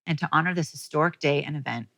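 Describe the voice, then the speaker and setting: Creaky-voiced woman telling a personal story. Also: low voice, fast talker, fairly bright tone, dry recording, rough recording. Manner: heartfelt, emotional at moments. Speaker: podcast host.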